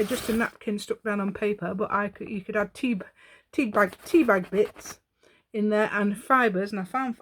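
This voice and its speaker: A woman's voice: medium pitch, a little hiss or hum. Rambling woman chatting through a craft project. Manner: rambling, talks to herself while working. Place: at home.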